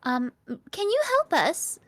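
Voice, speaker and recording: High, lively woman playing a tabletop game. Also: slow, no echo. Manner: polite, hesitant in character. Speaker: player. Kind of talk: tabletop role-play on stream.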